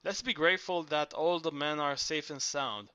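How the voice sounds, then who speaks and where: A man's voice: fairly high pitch, normal speed, pushed and bright, clean tone, no echo. A man voicing an earnest, bookish young mine boss in a storybook.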